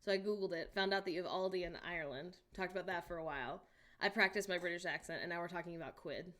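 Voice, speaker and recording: A woman's voice: fairly low pitch, quick pace, fairly bright tone. Young american woman chatting on a stream, jokey, laughs a lot, gets all incredulous. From United States. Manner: chatty, reads chat aloud and jokes, laughs often; incredulous outbursts. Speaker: livestream host. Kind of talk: casual live-stream chat.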